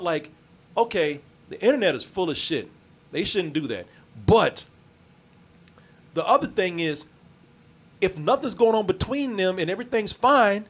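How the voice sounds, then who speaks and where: A man hosting a casual podcast chat, a loose, profane storyteller who laughs often. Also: high-pitched. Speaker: podcast host.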